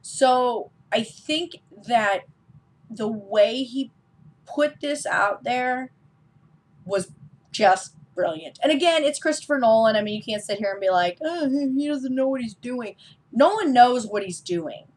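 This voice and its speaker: A woman's voice: on the high side, animated, measured pace. A woman giving a casual, enthusiastic film review as a vlog host, with frequent ums.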